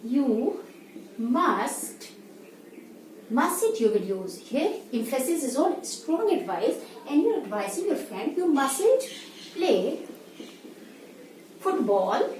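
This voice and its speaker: A woman's voice: high voice, sing-song, takes it slowly, pauses often, a little mellow. A woman teacher with an Indian English accent, explaining grammar in a lesson and often asking "fine?" to check understanding. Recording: echoey room, voice from the mic's distance, faint hiss.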